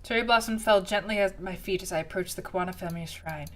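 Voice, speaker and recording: A woman reading a guilt-ridden detective's narration from a story game, in a low, even way. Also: quick pace, faint music behind, lightly acted. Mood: remorseful.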